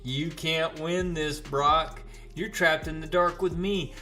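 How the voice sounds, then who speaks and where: A man's voice: a little high, steady tone, slow, bright, forceful tone, faint music behind. A man voicing a menacing, taunting male alien symbiote villain while retelling a comic. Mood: gloating.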